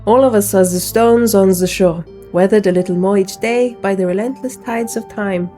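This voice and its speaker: A woman's voice: mid-range voice, moderate pace, warm tone, faint music behind, close to an everyday voice. A woman voicing a haughty, disdainful female cat in a put-on French accent, lofty and theatrical. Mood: solemn.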